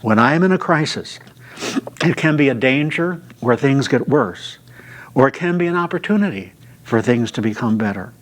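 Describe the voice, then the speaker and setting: A man leads a Bible study in a mid-range voice, retelling the stories step by step. He pauses often on filler sounds as he gathers his thoughts. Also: mid-range voice, expressive. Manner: unhurried retelling with frequent "uh" fillers.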